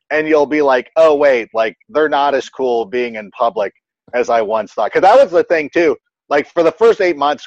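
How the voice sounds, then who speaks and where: A man in his thirties talks in a lively, swooping voice that sits a little high for a man. He tells stories in loose, casual chat and acts out the quotes. The recording is dry and a little dull, with a lo-fi edge. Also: dry recording. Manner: animated storyteller who acts out quotes, many "like" fillers. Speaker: guest parent giving advice.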